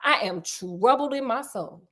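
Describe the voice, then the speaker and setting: A woman's voice: on the high side, lively intonation, measured pace, noisy background. A woman voicing a male detective who talks in blunt, modern street slang, sounding like her own voice. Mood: troubled.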